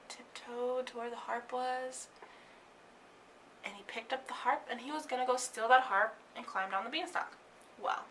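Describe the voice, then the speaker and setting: Bright-voiced woman telling a fairy tale. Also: on the high side, a little hiss or hum. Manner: animated, dropping to whispers for suspense. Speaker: storyteller.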